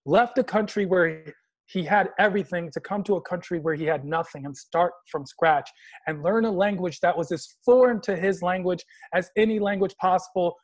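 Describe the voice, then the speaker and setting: A man from Washington, D.C., speaking as a panelist on a video call, telling stories with humor and slipping into mock voices. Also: sits high. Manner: animated storyteller, slips into mock voices. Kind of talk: casual panel talk with humor.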